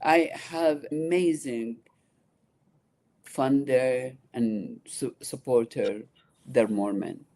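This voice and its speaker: Iraqi woman in her sixties, halting and earnest. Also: very deep voice, mellow. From Iraq. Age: 60s. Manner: halting, earnest, restarts often. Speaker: guest, nonprofit founder. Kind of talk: interview conversation.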